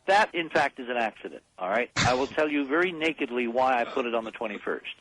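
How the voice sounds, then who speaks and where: A man's voice: mid-range voice, lively intonation, fast talker, fairly bright tone, dry recording, low-quality recording. A man speaking as a guest on a late-night radio talk show, emphatic and insistent as he rallies the listeners. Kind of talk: impassioned radio call-in talk.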